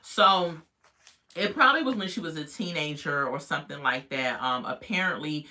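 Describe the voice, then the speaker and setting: An adult parent recapping a reality show episode in a chatty, opinionated way, talking straight to viewers, with big pitch jumps when reacting. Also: expressive, moderate pace, pushed and bright. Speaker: reality TV reviewer.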